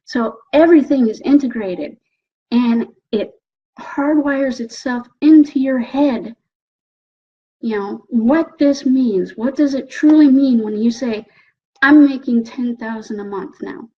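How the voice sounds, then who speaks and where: A woman giving an animated motivational talk, coaxing the listener and often checking in with "okay?". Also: on the high side, slow, breathy edge. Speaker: motivational speaker. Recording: dull lo-fi recording.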